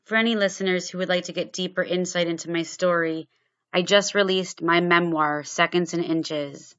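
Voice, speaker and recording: Bright-voiced woman podcast host. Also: lowish voice, steady tone, moderate pace, clean tone, dry recording, dull audio. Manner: effusively grateful. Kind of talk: casual interview talk.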